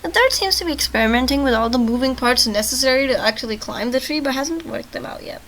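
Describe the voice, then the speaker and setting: A woman's voice: high-pitched, animated, fast, fairly bright tone, slight background noise, poor audio. A woman reading a text adventure aloud with chatty, self-mocking asides, often tripping over words and laughing it off. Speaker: let's-play host reading a text game aloud.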